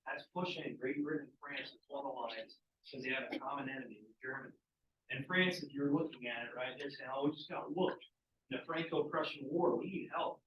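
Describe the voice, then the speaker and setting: In an echoey, muffled recording made from a distance, a man teaches a relaxed history class and throws questions at the students along the way. His voice is mid-range, with a bit of hiss or hum in the background.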